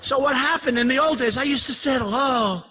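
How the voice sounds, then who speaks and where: A man's voice: very high-pitched, quick pace. A man in his sixties giving a rambling, boastful campaign speech to an audience in a hall, repeating himself and throwing asides to the crowd. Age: 60s. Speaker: political candidate addressing business leaders. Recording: dull lo-fi recording with faint noise.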